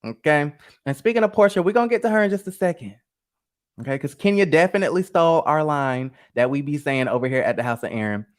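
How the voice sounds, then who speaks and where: A man's voice: fairly high pitch, animated, fast talker. A man hosting a live gossip stream, chatty and sassy, talking straight to his chat. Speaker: host of a live gossip show. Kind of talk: casual live-stream commentary.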